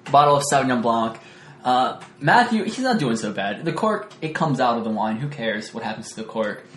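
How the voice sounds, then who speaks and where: A man's voice: medium pitch, lively intonation, a little fast, a bit bright, reverberant, a little hiss or hum. A man chatting casually over a meal in a small podcast studio, rambling, laughing and correcting himself as he goes. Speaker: podcast guest. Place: small home podcast studio with foam panels.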